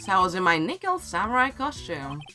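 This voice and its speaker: Casual drawling young actor, done by a man, bright voice. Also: high voice, wildly swooping pitch, brisk, soft background music, voice pushed up, full character voice. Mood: laid-back. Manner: drawling, says "dude" a lot. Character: laid-back young male TV actor. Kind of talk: reading game dialogue aloud.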